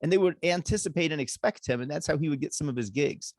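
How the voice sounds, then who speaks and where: Higher-voiced male interview host. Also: fast talker, a little mellow, no echo, studio quality. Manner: storytelling, brief affirmations. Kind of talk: casual interview talk.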